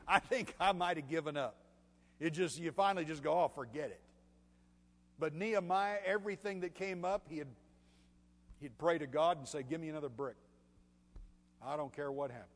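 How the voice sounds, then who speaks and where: Guy preaching, pretty high voice, long echo behind him, chatty and lively, acts out the bible bits. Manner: conversational, animated, acts out voices with swings in loudness. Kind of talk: sermon with scripture reading.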